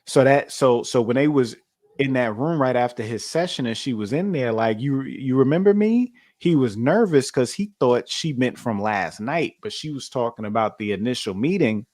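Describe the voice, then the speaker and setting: A man co-hosting a casual podcast at a middle pitch. He talks in a loose, conversational way and keeps circling back with fillers and restarts as he thinks aloud. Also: expressive, moderate pace, darkish tone. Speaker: podcast co-host. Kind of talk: casual chat.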